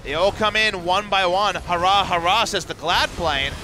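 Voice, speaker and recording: A man's voice: high voice, normal speed, bright, forceful tone, slight background noise, poor audio. A man giving color commentary on an esports match, playful and teasing with dry jokes.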